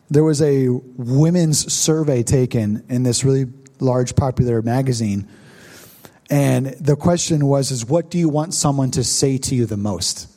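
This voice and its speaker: A man's voice: medium pitch, mellow. A young adult male pastor telling a personal story in a conversational sermon, talking to the congregation.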